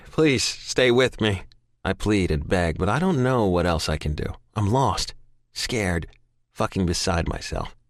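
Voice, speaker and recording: A man's voice: sits low, no room sound, clean studio sound. A man narrating a first-person audiobook in an intense, emotional way. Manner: intense, emotional, frequent swearing.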